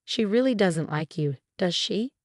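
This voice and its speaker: A woman's voice: medium pitch, animated, measured pace, dry recording, studio quality, natural voice. A woman voicing a sly, cruel middle-aged mother-in-law in a narrated story, speaking in a smug, taunting way.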